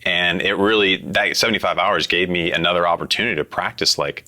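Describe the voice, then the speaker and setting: Deep-voiced reflective man. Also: steady tone, fairly quick, sharp tone. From United States. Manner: reflective, earnest, filler-heavy. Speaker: guest, program graduate. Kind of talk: casual interview.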